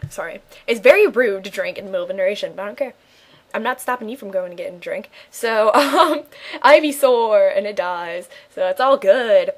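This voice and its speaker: A woman's voice: medium pitch, lively intonation, fairly quick. A young woman giving casual, rambling gameplay commentary with sarcastic asides, giggles and plenty of ums. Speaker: let's play commentator.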